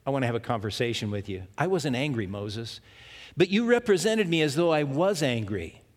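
A man voicing God as a gentle, patient figure who speaks casually and softly in a sermon retelling. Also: mid-range voice, expressive, brisk, long reverb tail, natural voice. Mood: gently chiding. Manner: casual, soft, conversational.

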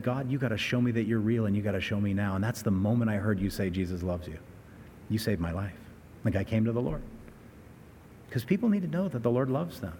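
A man's voice: medium pitch, in a large hall. A man preaching a sermon as pastor, telling stories with earnest, rising emphasis. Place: church sanctuary.

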